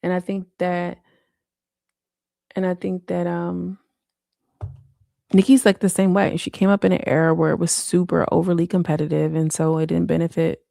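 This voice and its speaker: A woman's voice: on the low side, level tone, moderate pace, vocal fry, pauses often, mellow, dry recording, studio quality. A woman hosting a casual late-night livestream, talking in slang and answering viewer comments. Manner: slangy, frequent "like" and "you know". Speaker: livestream host.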